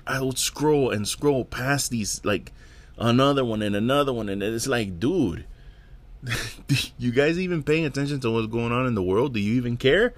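A man's voice: mid-range voice, normal speed. A man hosting his own podcast, ranting alone in a profane, exasperated way and often repeating words. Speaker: podcast host. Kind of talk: casual solo rant.

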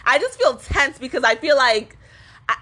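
A woman's voice: high-pitched, very animated, normal speed, sharp tone. A young woman vlogging a casual rant full of cursing and fillers, laughing often between sentences. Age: young adult. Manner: swearing, rambling with many fillers; laughs often while talking.

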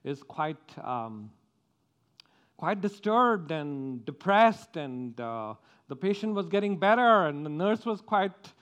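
A man making church announcements as pastor, speaking haltingly with frequent restarts and pauses. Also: on the high side, big pitch swings, fairly bright tone, clean tone.

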